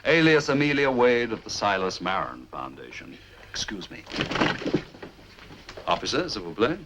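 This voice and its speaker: A man's voice: fairly low pitch, very animated, normal speed, rough recording. A man acting in a 1960s television drama, suave and ironic, with a theatrical turn of phrase. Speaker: gentleman adventurer.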